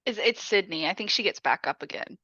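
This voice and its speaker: A woman co-hosting a podcast in casual chat, chiming in with quick reactions and corrections. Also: mid-range voice, animated, sharp tone, no echo, lo-fi sound. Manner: chimes in with short reactions and corrections. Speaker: podcast co-host.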